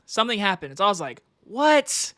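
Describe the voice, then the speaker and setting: Brief: woman reviewer, casual rant, swears freely, pitch swings high and low. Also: expressive, normal speed, fairly bright tone. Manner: exasperated, profane, emphatic. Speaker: movie reviewer.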